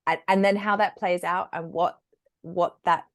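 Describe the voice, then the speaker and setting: A woman's voice: lowish voice, moderate pace. Encouraging woman dating coach. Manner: encouraging, advice-giving, animated. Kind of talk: casual podcast conversation.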